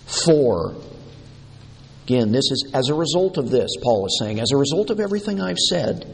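A man preaching a sermon, deliberate and emphatic, repeating key words for weight. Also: medium pitch, animated, gravelly, breathy edge. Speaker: pastor. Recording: long hall reverb.

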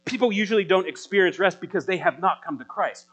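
A man preaching a sermon, swinging from loud, rising appeals to quiet, searching questions. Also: sits high, quick pace, slightly rough, dull audio. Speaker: pastor.

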